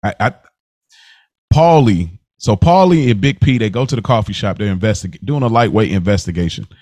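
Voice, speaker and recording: A man's voice: fairly low pitch, lively intonation, a little mellow, no room sound. A man co-hosting a podcast, chatting casually and laughing often as he reviews a TV episode. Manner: laid-back, slangy, laughs often, quick restarts. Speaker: podcast co-host.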